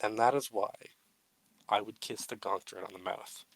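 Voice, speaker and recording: A man's voice: fairly low pitch, steady tone, moderate pace, background noise. A man co-hosting a casual, unedited podcast chat. He swears freely, laughs at himself and launches into mock-grandiose tributes. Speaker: podcast co-host.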